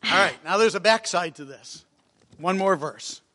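A man preaching a sermon, earnest and emotional, reading hymn lines slowly. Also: sits high, animated, bright, forceful tone. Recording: long hall reverb.

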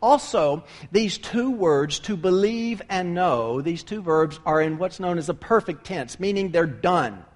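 A man preaching a sermon with emphatic delivery, rising to loud peaks and dropping low. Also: animated, measured pace, hardly any pauses. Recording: long hall reverb.

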